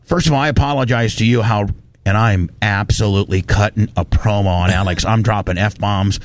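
A man hosting a talk radio show, telling a story in a lively, ranting way and swearing now and then, recorded in a studio. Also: on the low side, fairly quick. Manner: animated storytelling, ranting, profane. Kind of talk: casual studio chat.

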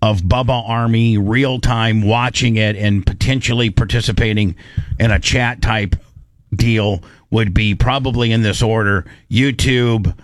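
Rambling talk-show host, dry sound. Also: male voice, lowish voice, steady tone, no room sound. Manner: rambling, restarts often, slows to stress points. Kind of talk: casual on-air talk.

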